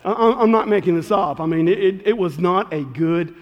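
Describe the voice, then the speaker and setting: Animated pastor in a big hall. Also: male voice, high voice, fairly quick, muffled recording. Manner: folksy, animated storytelling with rising shouts. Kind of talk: sermon. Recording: long hall reverb.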